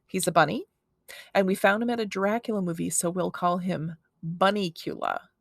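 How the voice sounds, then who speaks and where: A woman as a calm, firm storybook mom. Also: on the low side, moderate pace, gravelly, no echo, clean studio sound. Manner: patient, decisive. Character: calm, firm mother of two boys.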